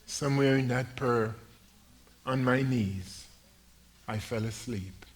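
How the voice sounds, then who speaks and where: An older man preaching a sermon in a church, telling his story with slow, dramatic delivery that swings from hushed to loud. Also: medium pitch. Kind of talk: sermon testimony. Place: church sanctuary.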